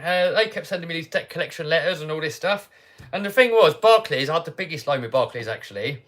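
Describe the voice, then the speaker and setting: British bloke on a live stream, kinda high voice, chatty storytelling that jumps from mumbly to loud. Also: male voice, fast talker. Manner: animated, swings between mutters and loud outbursts. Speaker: livestream host. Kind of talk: casual storytelling.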